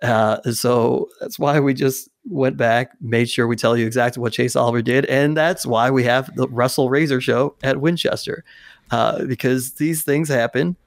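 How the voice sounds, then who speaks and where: Man, mid-pitched voice, dry close sound, emphatic, talks to the audience, podcast co-host. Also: steady tone, normal speed, no echo. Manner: emphatic, addressing listeners directly. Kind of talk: casual podcast chat.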